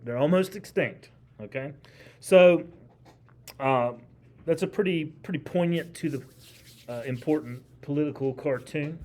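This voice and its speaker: A man with a fairly high voice lectures a history class in a classroom. His delivery is conversational but emphatic. He keeps throwing questions out to his students. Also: unhurried, pauses often, a little mellow. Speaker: history teacher.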